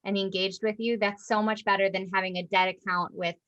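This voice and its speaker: A woman guest explaining her work in an interview, in a steady, patient way with frequent fillers. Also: medium pitch, brisk, highs cut off. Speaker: guest, personal brand specialist.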